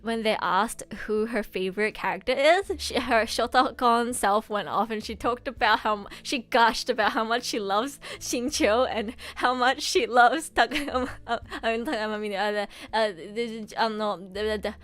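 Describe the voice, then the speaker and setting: A young woman streamer and voice actress chatting casually and gushing excitedly, laughing often. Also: fairly high pitch, moderate pace, few pauses. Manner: gushing, excitable fan talk with frequent laughs.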